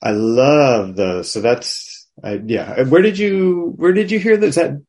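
A man's voice: medium pitch, a little slow, darkish tone. A man taking part in a casual group discussion, reflective and hesitant. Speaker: discussion participant.

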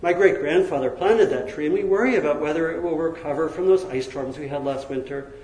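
A man's voice: on the high side, brisk, a little mellow, close to an everyday voice. A man voicing a tiny, cheerful old man in his seventies who talks in an easy, delighted, chatty way. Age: 70s. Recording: roomy echo.

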